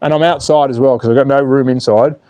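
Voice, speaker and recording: A man hosting a live stream outdoors, commentating with excitable jokes and reading viewer chat aloud. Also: medium pitch, quick pace, dry recording. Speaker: slot car channel host.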